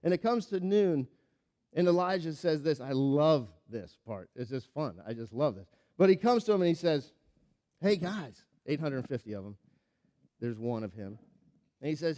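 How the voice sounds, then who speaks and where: In this sermon, a male pastor with a fairly high voice and moderate pace tells a Bible story animatedly, giving each character a lively voice and shifting sharply in volume. When he turns to the lesson, he becomes quiet and earnest.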